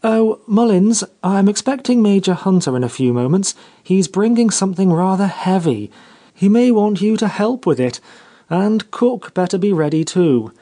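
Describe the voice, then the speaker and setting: A man reading aloud voices a poised upper-class lady who is lofty with her servants, speaking crisply. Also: on the high side, sing-song, unhurried, few pauses, mellow, heavily acted.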